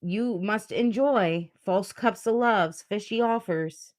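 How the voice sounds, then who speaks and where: A woman's voice: mid-range voice, slow pace, a little mellow. A woman giving a livestream tarot reading, blunt and earnest, swearing as she urges the listener on. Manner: blunt, profane, motivational; earnest, emotional. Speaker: tarot reader.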